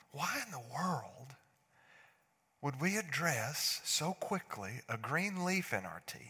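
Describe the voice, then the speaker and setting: A man in his forties preaching a sermon, swinging from hushed asides to loud outbursts. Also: medium pitch, breathy edge. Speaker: pastor. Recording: echoey hall.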